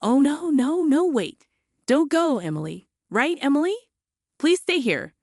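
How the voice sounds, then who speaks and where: A woman's voice: high-pitched, big pitch swings, unhurried, dry recording, studio quality, pitched above the performer's own voice, heavily acted. A woman voicing a meek older mother who mumbles and pleads. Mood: pleading.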